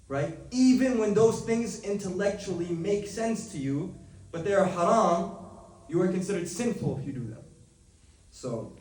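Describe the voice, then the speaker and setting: High-voiced male teacher in an echoey room. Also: dark tone. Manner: conversational, asks the class questions, switches to rapid text reading. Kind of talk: classroom lesson. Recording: echoey room, mic at a distance.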